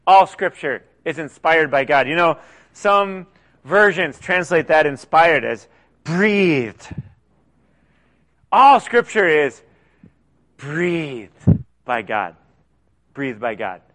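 A man preaching a conversational sermon, often dropping to soft, quiet asides. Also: fairly high pitch, big pitch swings, slow, pauses often. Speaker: pastor.

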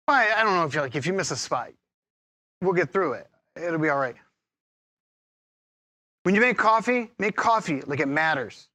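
A man preaching a sermon as pastor, lively and humorous, teasing his congregation and laughing often. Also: high-pitched, no echo.

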